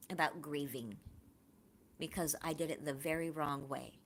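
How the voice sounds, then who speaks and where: Woman chatting on her livestream, lowish voice, confiding and personal, jokes with chat. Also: a little hiss or hum. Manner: heartfelt, confiding, warm toward viewers; lively, laughing, joking with chat. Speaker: livestream host.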